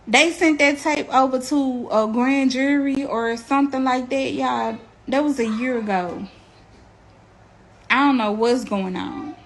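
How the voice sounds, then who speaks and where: A woman's voice: sits high, measured pace, rough recording. Earnest, blunt woman speaking to camera. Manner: earnest, blunt and colloquial, addresses viewers directly. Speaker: mother telling her family's story to viewers. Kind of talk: casual direct-to-camera testimony.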